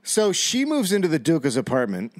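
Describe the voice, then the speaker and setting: A man's voice: a little high, huge pitch swings, brisk, slight background noise. A man co-hosting a comedy podcast, telling a story in casual chat and reading out quotes. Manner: storytelling, reads out quotes, jokey asides.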